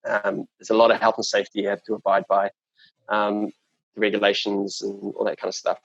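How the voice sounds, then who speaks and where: A man's voice: fairly low pitch, completely flat delivery, brisk, vocal fry, fairly bright tone, no echo, muffled recording. A man from New Zealand with a New Zealand accent, chatting as an interview guest in a rambling way, full of fillers and restarts. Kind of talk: casual chat.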